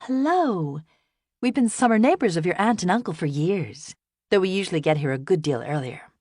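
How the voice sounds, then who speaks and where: A woman's voice: lowish voice, animated, normal speed, darkish tone, no echo, clean studio sound. A woman voicing a kindly mother of boys. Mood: welcoming. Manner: friendly and welcoming. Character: warm, kindly American mother of many boys.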